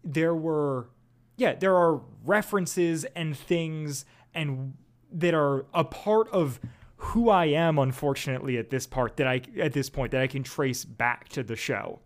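A man as a podcast guest, deadpan and thinking aloud with many fillers. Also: on the high side, measured pace. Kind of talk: casual podcast chat.

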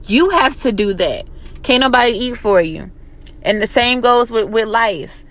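A woman's voice: fairly high pitch, lively intonation, unhurried, a bit bright. Profane, pep-talking woman. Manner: blunt, profane, repeats phrases for emphasis. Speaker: motivational vlogger. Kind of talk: casual motivational pep talk.

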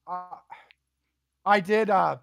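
A man telling profane, animated stories in a casual podcast chat. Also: high voice, takes it slowly, vocal fry.

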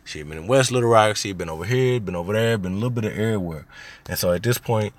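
A fairly low-voiced man with a drawl tells stories on his own podcast. He rambles casually and talks in slang, and he gets loud and heated when he is riled up. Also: very fast. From Arkansas, USA. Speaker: podcast host. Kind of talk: casual storytelling monologue.

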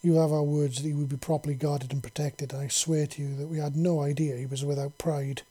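A man's voice: on the high side, flat delivery, fairly quick, mellow, close to an everyday voice. A man voicing a formal female alien warrior who speaks solemnly in a storybook reading.

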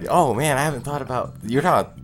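A man's voice: mid-range voice, a little fast. A man co-hosting a podcast in casual comedic banter, rambling with hesitant fillers and laughing often. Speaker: podcast co-host.

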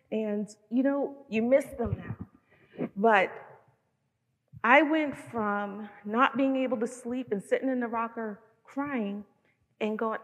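A woman in her fifties speaks to a gathering of mothers, her voice sitting a little high for a woman. She preaches in a chatty, storytelling way, full of knowing asides. The sound carries a long reverb, as in a large hall. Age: 50s. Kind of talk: conversational sermon.

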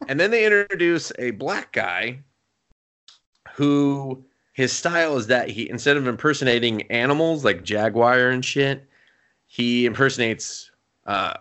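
A man's voice: mid-range voice, big pitch swings, a little slow, bright, forceful tone. A young man on a podcast, recapping an anime in casual, profane chat and acting out the characters' lines. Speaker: podcast co-host.

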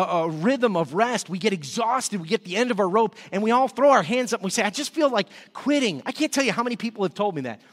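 A man preaching a sermon as pastor, energetic and repeating words when excited. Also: sits high, long reverb tail. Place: church service.

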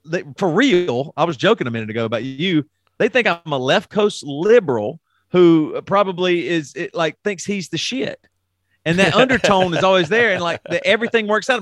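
A man's voice: high voice, expressive, a little fast, fairly bright tone, no echo, clean studio sound. A middle-aged man co-hosting a podcast, talking frankly and at length in casual chat, swearing and restarting his sentences often. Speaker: podcast co-host.

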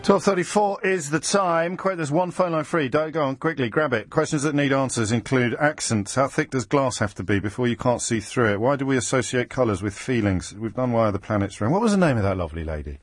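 Fast-talking, husky-voiced male radio host. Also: medium pitch, lively intonation, no room sound. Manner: quick, teasing and chatty. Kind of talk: radio phone-in chat. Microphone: studio microphone.

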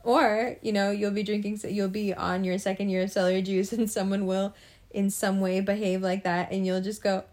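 A young adult woman talks casually to the camera in a monologue, laughing often and acting out how people reacted. Her mid-range voice is level and darkish, and her delivery is drawn out.

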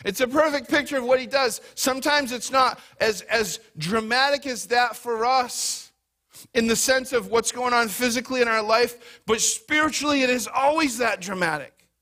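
A male pastor preaching a conversational sermon to a church congregation, talking energetically in quick bursts. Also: extremely high pitch, bright, forceful tone. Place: church hall before a congregation.

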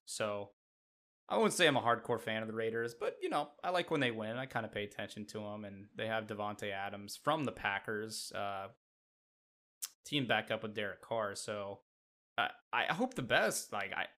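A man co-hosting a sports podcast with a fairly low voice. He talks casually and rambles, with lots of filler words. He is from the Midwest. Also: sharp tone. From Midwest United States. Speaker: podcast co-host.

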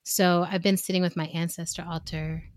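Woman co-host, candid and emotional, low-ish voice, dry close mic. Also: little pitch movement, normal speed, no echo. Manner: candid, emotional, laughs often; acts out quoted exchanges. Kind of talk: casual chat.

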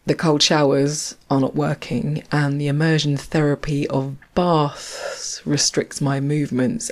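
Slow, gravelly woman telling stories. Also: low voice, a little mellow. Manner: slow, poetic and wry, with asides. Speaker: storyteller. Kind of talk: reflective spoken-word storytelling. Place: outdoors, walking along a canal.

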